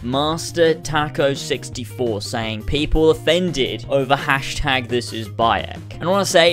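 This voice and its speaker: A man's voice: medium pitch, a little slow, hardly any pauses, fairly bright tone, faint music behind. A man vlogging to camera in a casual rant, swearing heavily as he grows furious. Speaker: YouTuber.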